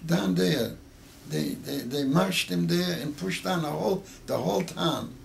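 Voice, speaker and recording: A man in his eighties with Yiddish as his first language, telling a story with halting, repeated words that grow emotional. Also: fairly high pitch, gravelly, a little hiss or hum. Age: 80s. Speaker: interviewee. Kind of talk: oral history interview.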